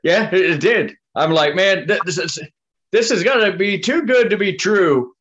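Male podcast co-host, relaxed, slightly high voice, dull lo-fi sound. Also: normal speed, slight background noise. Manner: relaxed, keeps saying "man" and "you know what I mean". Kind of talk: casual chat. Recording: dull lo-fi audio.

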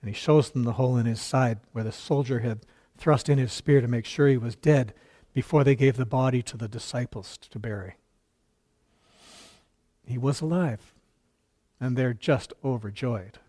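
A man's voice: mid-range voice, normal speed, long pauses, dark tone. A male pastor preaching a sermon, retelling a story earnestly with quoted dialogue and occasional stumbles.

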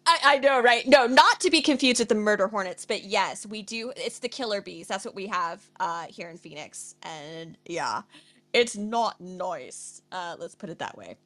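A woman from Arizona chatting casually on a show, animated and exclamatory, swearing freely. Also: medium pitch, normal speed. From Arizona, USA. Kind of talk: casual chat.

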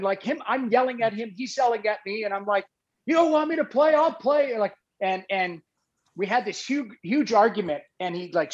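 A man with a high voice tells an animated, rambling story in casual chat, often restarting his sentences. The recording has a dull, lo-fi quality. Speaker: former hockey goalie, guest.

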